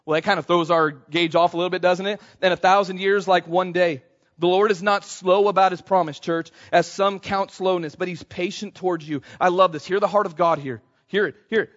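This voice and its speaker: Male pastor, high voice, animated sermon delivery with call-outs to the crowd; dull lo-fi church recording. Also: a little fast. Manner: animated, calls out to the congregation. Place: church sanctuary.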